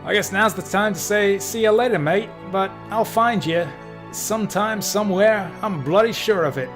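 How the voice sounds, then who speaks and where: A man's voice: high voice, normal speed, pitched above the performer's own voice, lightly acted. A man putting on a brash Australian gal. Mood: fond farewell. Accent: put-on Australian. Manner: hammy, playful slang-heavy farewell delivery. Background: faint game music.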